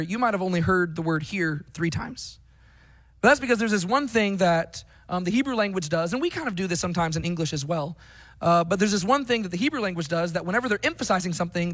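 A man's voice: high-pitched, a bit bright, poor audio. A man giving an earnest, emphatic Bible teaching talk, often checking in with "right?". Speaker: Christian teacher.

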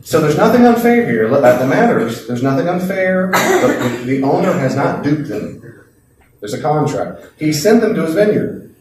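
A man teaching a Bible class, lively and folksy, acting out voices from the story. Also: a little high, normal speed, a little hiss or hum. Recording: echoey classroom from a distant mic.

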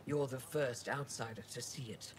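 A man's voice: medium pitch, moderate pace, slight background noise, close to an everyday voice. An actor playing a wary male alien guide in a video game, formal and commanding.

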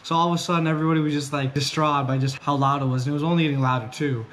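A man's voice: a little high, fairly even intonation, very fast, fairly bright tone, slight background noise. A young man vlogging casually, chatty and joking as he rambles. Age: young adult. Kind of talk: casual vlog narration. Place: outdoors on a pier by the water.

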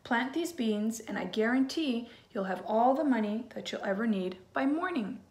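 A smooth-talking butcher, put on by a woman reading aloud makes his pitch slowly and persuasively. His voice stays near her own. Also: expressive, roomy sound, natural voice. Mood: coaxing. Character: sly male butcher offering a trade.

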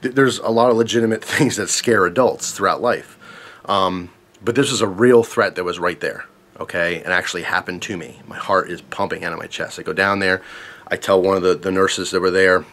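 A man's voice: low-pitched, fairly quick, fairly bright tone. A man casually telling a story to camera, earnest and emphatic, repeating himself when tense.

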